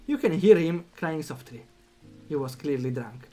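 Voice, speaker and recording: A man streaming a story game, reading the text aloud and reacting with animated commentary. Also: a little high, moderate pace, soft background music. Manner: animated, reacts out loud, thinks aloud with fillers.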